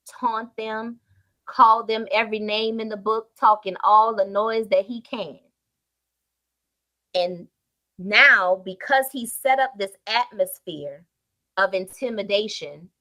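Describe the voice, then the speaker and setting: A woman preacher retelling a Bible story in a sermon with emphatic storytelling and sudden swings in loudness. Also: medium pitch.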